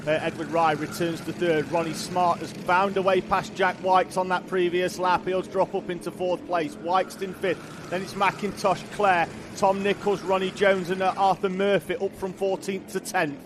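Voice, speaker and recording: Man, high-pitched, live race calls, reads chat questions, faint noise. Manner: measured, reads viewer chat, excited calls. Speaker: race commentator. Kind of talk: live motorsport commentary.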